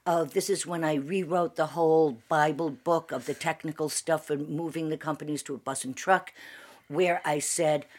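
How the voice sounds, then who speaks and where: A woman's voice: deep voice, steady tone, moderate pace, a little mellow. A woman in her sixties, co-hosting a casual tea chat with her son, telling long stories with many restarts and recaps. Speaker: podcast co-host.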